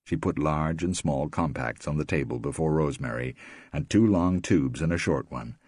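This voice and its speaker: Low husky male audiobook narrator. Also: moderate pace, no room sound, studio quality. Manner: lively, expressive. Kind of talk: scripted narration.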